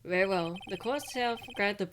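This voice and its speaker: Woman reading as a halting old judge. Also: mid-range voice, background noise, lightly acted. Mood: formal. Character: hesitant older male judge.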